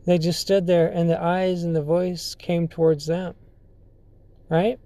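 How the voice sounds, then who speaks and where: A podcast host tells a casual story slowly and haltingly, full of fillers and restarted sentences. His mid-range voice is mellow and dark, with little pitch movement, and the recording is dry and close with no echo or room sound.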